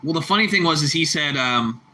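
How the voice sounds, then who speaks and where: A man chatting on a casual livestream with a bright, forceful voice. He talks in loose, repetitive bursts and laughs easily. He calls his viewers bro and bucko. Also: on the high side, expressive, a little fast, a little hiss or hum. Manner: laughs a lot. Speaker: livestream host reading chat.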